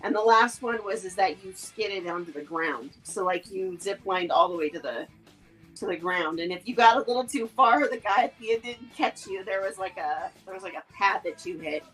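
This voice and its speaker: A woman with a husky voice, co-hosting a casual podcast and telling stories with swearing and laughter. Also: medium pitch, moderate pace, fairly bright tone, soft background music, low-quality recording. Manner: laughing, profane storyteller. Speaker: podcast co-host. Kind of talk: casual chat.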